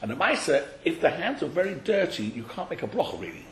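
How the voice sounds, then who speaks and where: A man teaching a study class, explaining a text to his students in an animated, questioning way and calling on them by name. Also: fairly high pitch, fast talker, slight background noise. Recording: echoey room.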